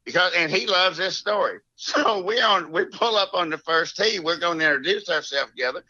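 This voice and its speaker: A man's voice: high voice, brisk, bright, forceful tone, no room sound, muffled recording. A middle-aged man with an Alabama Southern accent, a podcast guest telling rambling, salty country stories with frequent laughs. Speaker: guest, golf professional. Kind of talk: casual podcast storytelling.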